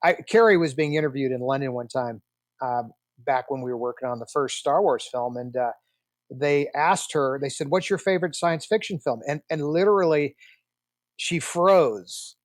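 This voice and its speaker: A man in his sixties, a film producer guest, telling chatty, animated anecdotes in a casual interview, with frequent restarts. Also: medium pitch, moderate pace, no room sound.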